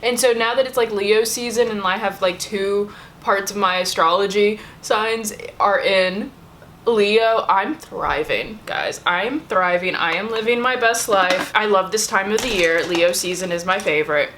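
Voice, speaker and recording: Unhurried and fairly bright in a mid-range voice, a woman in her twenties does a casual get-ready-with-me chat at home, rambling through plenty of fillers as a beauty vlogger. She's recorded on a camera-mounted shotgun mic with slight background noise.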